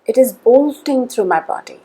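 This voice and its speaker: A woman leading a guided tapping session, calling out tapping points in a slow, measured way between spoken statements. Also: on the high side, lively intonation, dark tone, breathy edge, rough recording.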